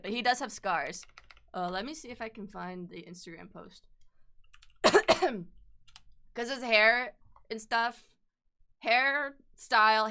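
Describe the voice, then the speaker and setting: A young woman chatting casually on a livestream while she sketches, swearing freely with sudden bursts of excitement. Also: mid-range voice, smooth. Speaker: streamer and artist.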